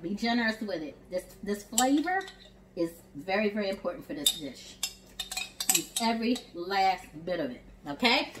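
A home chef with a Southern US accent runs a chatty, encouraging cooking demo in her own kitchen, calling viewers "y'all" and "honey." Her mid-range voice is animated and moderately paced. The kitchen echoes, she sounds distant, and there's background noise.

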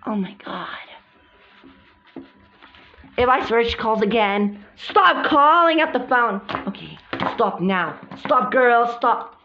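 A woman's voice: fairly high pitch, lively intonation, a little slow, noisy background. Frantic woman voicing several girls. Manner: exclaiming and frantic, swings between shouts and mutters. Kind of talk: hobby drama, voicing several girl characters. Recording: dull lo-fi recording with music behind.

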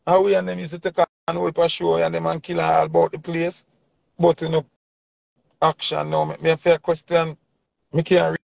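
A man's voice: fairly high pitch, vocal fry, no echo. A man with a Jamaican accent delivering a passionate, preachy commentary rant in heavy Patois. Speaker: vlogger. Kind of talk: ranting commentary. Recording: dull lo-fi dry sound.

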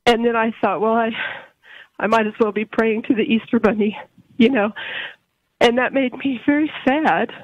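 A woman's voice: on the high side, fairly even intonation, normal speed, pauses often, dry recording. A woman in her late forties calling in to a talk show, hesitant and stammering, with many restarts. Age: 40s. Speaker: caller. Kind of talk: call-in phone conversation. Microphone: telephone. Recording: dull phone line.

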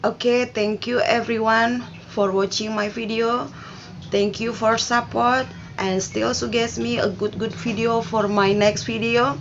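This is an Indonesian woman hosting a casual reaction vlog in unhurried, halting English, earnest and openly emotional. Her first language is Indonesian. The recording is dull and lo-fi, with a faint hiss underneath. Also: on the high side, fairly even intonation. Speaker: reaction video host.

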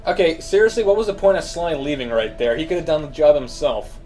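A man's voice: on the high side, expressive, fast, darkish tone, soft background music. A man hosting a let's play, chatting and thinking aloud as he plays. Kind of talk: gameplay commentary.

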